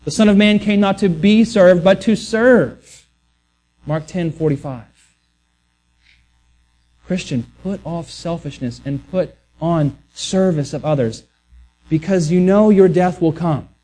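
A man's voice: sits high, slow pace, long pauses, mellow. A man preaching a sermon earnestly, often restarting words and acting out the voices he quotes. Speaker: pastor.

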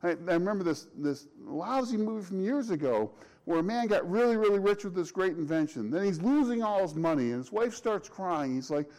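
A middle-aged pastor preaching in a fairly high voice for a man. He talks conversationally, stumbling over and repeating words as he goes, and leans on rhetorical questions. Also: animated, brisk, a little mellow, rough recording. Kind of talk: sermon.

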